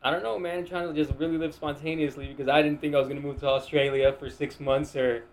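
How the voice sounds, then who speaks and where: A man's voice: on the high side, level tone, quick pace, rough recording. A young man with a Miami accent, a podcast guest talking casually in a loose, rambling way full of "like". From Miami, United States. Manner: loose, rambling, heavy use of "like".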